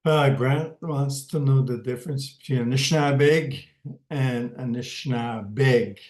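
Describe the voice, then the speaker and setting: A man with a northern Ojibwe accent teaching a casual language class, halting often with fillers and soft chuckles. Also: medium pitch, steady tone. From northern Ojibwe community in Canada. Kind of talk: informal online language class. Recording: roomy, echoey room.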